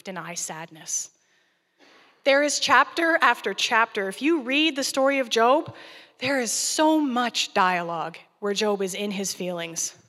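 A woman's voice: a little high, a bit bright, in a large hall. A woman guest preacher giving a conversational sermon and acting out scripture dialogue.

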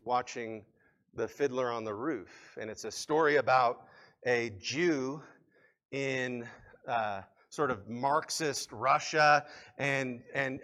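A man's voice: fairly high pitch, fairly bright tone. A man preaching a sermon in an earnest, fervent way, with many fillers and restarts. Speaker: pastor.

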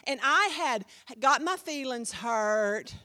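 Woman pastor preaching, high voice, swoops all over the place, acts out the people in her stories. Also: slow pace, in a large hall. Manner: animated storytelling, acting out quoted voices. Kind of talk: sermon.

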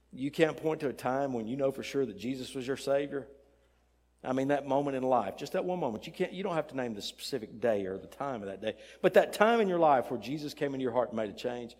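An older man preaching a sermon, emphatic and swinging between loud fervor and soft tenderness, in a church. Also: mid-range voice, lively intonation, fairly quick. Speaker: pastor. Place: church sanctuary. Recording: long church reverb.

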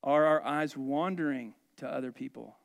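A man's voice: a little high, normal speed, creaky. A male pastor preaching a sermon in a conversational way, asking the congregation questions and adding humorous asides.

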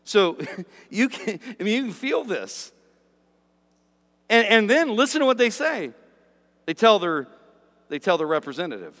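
Animated preacher man in a reverberant hall. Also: fairly high pitch, moderate pace. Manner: animated, acts out grumbling workers in asides. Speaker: pastor. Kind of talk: sermon.

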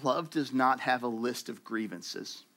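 A man preaching a sermon to his church in a conversational, animated way, acting out quoted voices. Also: mid-range voice, unhurried. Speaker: pastor.

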